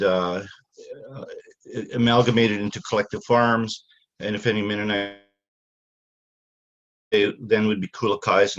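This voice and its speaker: An older man from Canada, an author speaking haltingly with many fillers, then reading from his novel. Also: lowish voice, a bit bright, dull audio.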